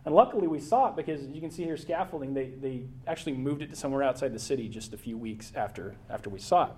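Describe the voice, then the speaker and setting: A man's voice: mid-range voice, fast talker, a little mellow, slight background noise. Rambling American man narrating travel slides. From United States. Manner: rambling, with many fillers and restarts. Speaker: presenter giving a slide talk. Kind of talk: casual travel slideshow talk.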